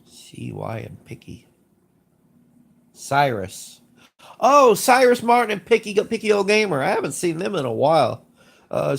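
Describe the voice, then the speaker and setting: A man's voice: mid-range voice, creaky. A man with a stuffy nose casually chatting on a livestream, rambling, repeating himself and giving blunt opinions. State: congested sinuses. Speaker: livestream host. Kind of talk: casual livestream chat, reading chat.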